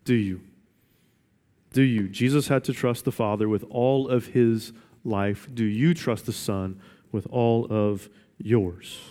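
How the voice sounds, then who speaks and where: A man's voice: lowish voice, steady tone, takes it slowly, mellow. A man preaching a sermon as pastor, emphatic and repeating his questions for weight. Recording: long reverb of a large hall.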